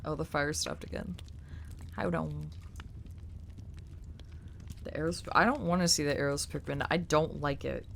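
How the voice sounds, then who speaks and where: A woman's voice: deep voice, steady tone, a little slow, creaky, pauses often, fairly bright tone, a little hiss or hum. A young woman streaming live, chatting casually and ranting with swears and mocking quotes. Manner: rambling, swears, ranty with mocking put-on quotes.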